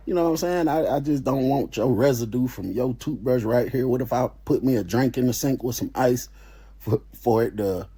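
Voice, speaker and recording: Husky man telling a profane story. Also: mid-range voice, normal speed. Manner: animated, profane, slangy storytelling. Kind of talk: casual storytelling.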